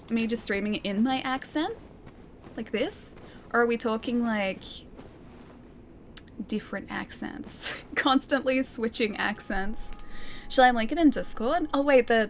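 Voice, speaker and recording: A woman's voice: fairly high pitch, expressive, normal speed, a little hiss or hum. A woman streaming a game, chatting casually, reading chat aloud and laughing often. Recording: game music behind.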